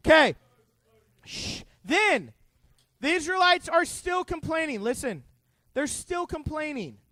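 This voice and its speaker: High-voiced playful youth pastor. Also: male voice, dry recording. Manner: playful and joking, quizzing the kids; animated, full of asides. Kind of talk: youth group Bible lesson.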